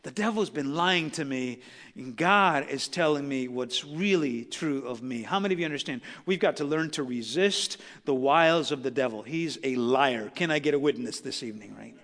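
A pastor preaching a sermon, building to loud, impassioned peaks with repeated emphatic phrases. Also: male voice, medium pitch, normal speed. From Southern California. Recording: long hall reverb.

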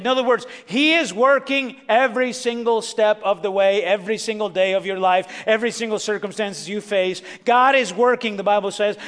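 A man preaching a sermon, moving from a soft, quiet story to emphatic preaching. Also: high voice, in a large hall.

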